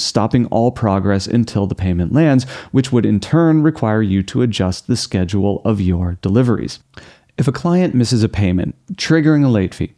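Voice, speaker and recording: A man hosting a scripted explainer, talking through contract myths with wry, sarcastic asides and sudden jumps in pitch. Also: warm tone. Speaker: host.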